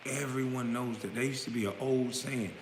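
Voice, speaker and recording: A man in his thirties ranting bluntly to camera, swinging from low mutters to loud outbursts. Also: steady tone, moderate pace, a little hiss or hum. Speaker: vlogger. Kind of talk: profane rant to camera. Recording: echoey room with long reverb.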